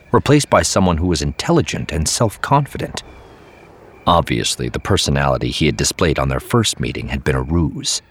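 A man narrating an audiobook in a measured, even storytelling manner. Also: extremely low pitch, a little hiss or hum.

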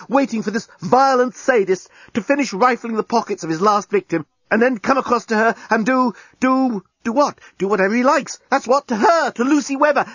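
A man voicing a panicked young woman with a breathless, frantic, high-pitched delivery. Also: a bit bright, slightly rough, dry recording, lo-fi sound, heavily acted. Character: panicked young woman, a law graduate, prone to melodrama.

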